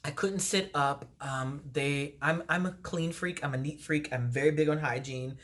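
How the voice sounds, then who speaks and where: A woman entertainer telling a personal story in a casual storytime vlog, animated and laughing often. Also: low-pitched, moderate pace. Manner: animated retelling with frequent laughs.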